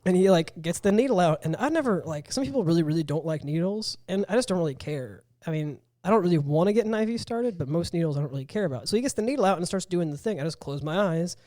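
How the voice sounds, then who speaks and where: A man's voice: sits high, expressive, fast, hardly any pauses, mellow, dry recording, studio quality. A young man in his twenties, co-hosting a podcast, telling a rambling story with a sore jaw after dental surgery. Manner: rambling storyteller, acts out quotes. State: sore jaw after wisdom teeth removal. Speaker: podcast co-host. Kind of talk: casual chat.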